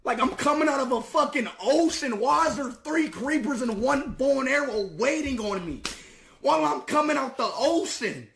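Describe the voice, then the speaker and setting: A man's voice: very high voice, lively intonation, moderate pace, gravelly, fairly bright tone. A young man livestreaming a video game, ranting in frustration with heavy swearing and stammered restarts, on a headset mic. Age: young adult. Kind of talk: live gameplay commentary.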